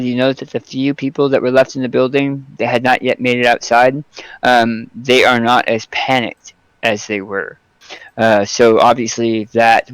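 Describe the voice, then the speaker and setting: Guy gm-ing a tabletop game, lots of ums, smooth clear voice, dry close mic. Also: mid-range voice, fairly bright tone, no room sound. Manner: hesitant, lots of ums and restarts. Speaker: game master.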